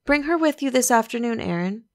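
A woman voicing a bright, playful young woman, an affectionate daughter, with a lively, coaxing manner in an audiobook reading. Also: on the high side, brisk, voice pushed up.

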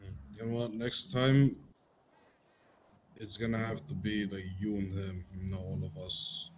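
A low-pitched man vents in character, frustrated and halting and cursing freely. His words stop and restart as he searches for them. A faint hum of noise sits behind him. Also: flat delivery. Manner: frustrated, halting, heavy swearing. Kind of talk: in-character group argument.

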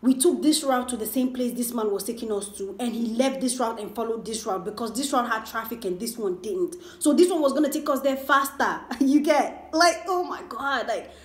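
A woman's voice: a little high, fairly quick, few pauses. Twenty-something woman vlogging, rambly storytime chat, echoey room. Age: 20s. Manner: rambling, chatty, full of fillers. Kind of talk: casual mukbang storytime chat.

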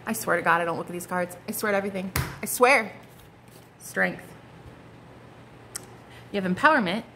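A young woman talks through a tarot spread in a casual, blunt way. She is animated and salty, swearing freely. Her voice sits in the middle of the female range, with faint background noise. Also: mid-range voice, normal speed. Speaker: psychic tarot reader.

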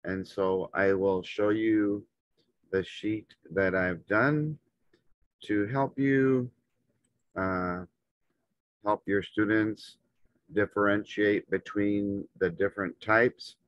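Man, teacher type, lower voice, very slow and broken into short phrases, dry muffled lo-fi sound. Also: steady tone, dry recording. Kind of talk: instructional walkthrough. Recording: dull, muffled lo-fi audio.

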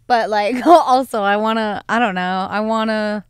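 A woman's voice: mid-range voice, normal speed, clear, resonant tone, no room sound. A woman podcast host from Nantucket Island, chatting casually and telling funny stories with laughter. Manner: giggly, animated storytelling with quoted voices. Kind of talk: casual chat.

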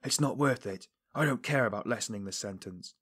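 A bitter, worn-out young man, read by a man, answers in a low, subdued voice. His tone is scornful and quiet in this audiobook. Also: brisk, husky. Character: bitter young male student, weary and scornful.

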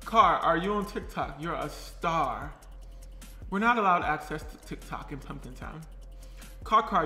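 A man's voice: high-pitched, pushed and bright, heavily acted. A man playing a tired, chatty young woman baker on a live stream, giggling and reading viewer comments aloud. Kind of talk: character live stream comedy. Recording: roomy echo, faint music.

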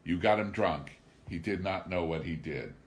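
A man's voice: low-pitched, moderate pace, slight background noise. A man voicing a hotheaded vagabond who speaks bluntly and accusingly.

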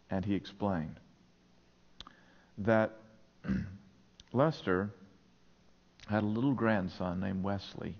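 A man's voice: on the low side, creaky. A male pastor preaching a sermon in a church, telling stories in an earnest way. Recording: dull lo-fi sermon recording.

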